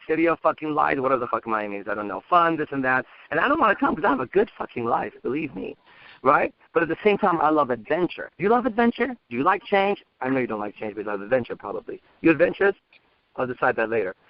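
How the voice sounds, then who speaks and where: Brash, foul-mouthed man coaching fast. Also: fairly high pitch, no echo, highs cut off. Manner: brash and swearing, fast and animated. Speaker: dating coach. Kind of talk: profane, fast role-play coaching.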